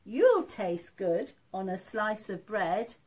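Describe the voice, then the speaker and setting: A woman voicing a big hairy male monster from a picture book, slow and booming. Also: very animated, a little mellow, slightly rough, exaggerated voice. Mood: menacing.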